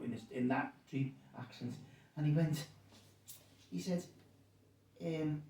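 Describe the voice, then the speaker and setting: Gravelly man in his sixties. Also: mid-range voice, animated, normal speed, mellow. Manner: rambling, self-correcting, acts out quotes. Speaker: guest storyteller. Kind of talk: casual anecdote telling. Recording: roomy sound, distant mic.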